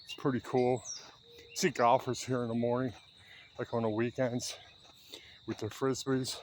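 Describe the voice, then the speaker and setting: Man, 70s, unhurried chatty vlogger on a park walk, faint outdoor hiss. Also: mid-range voice, flat delivery. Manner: chatty, rambling, talking while walking. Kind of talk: casual walking vlog.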